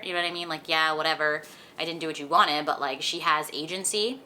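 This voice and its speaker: Young female vlogger, low bright voice, chatty recap delivery, faint background hiss. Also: quick pace. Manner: chatty, animated retelling with lots of "like". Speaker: book vlogger. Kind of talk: casual book recap vlog. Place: indoors at home, sunlight on her face.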